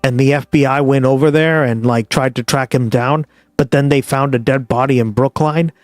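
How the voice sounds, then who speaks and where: A man's voice: medium pitch, steady tone, normal speed, no room sound, studio quality, faint music behind. Profane rambling Boston-area streamer man. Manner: rambling, profane, addresses viewers directly. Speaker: livestream host. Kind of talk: casual live-stream chat.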